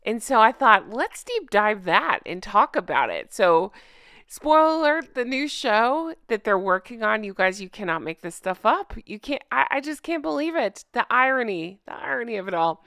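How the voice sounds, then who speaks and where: A woman vlogger talks straight into a close microphone in casual, sarcastic commentary. Her voice is smooth and clear, dry with no room sound, and she stays animated and laughs often. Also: fairly high pitch, moderate pace, dry recording. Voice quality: self-described drunk-goose voice.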